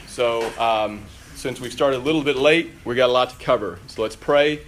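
A man with a weak voice leading a Bible study, talking through the text in a relaxed, conversational way. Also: mid-range voice, moderate pace, few pauses, a little hiss or hum. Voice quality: conversational, self-deprecating. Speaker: Bible teacher. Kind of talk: sermon-style Bible teaching.

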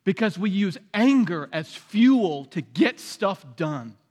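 Man, sermon, high voice, conversational, acts out quotes, long hall reverb. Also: very animated, takes it slowly, darkish tone. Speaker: preacher.

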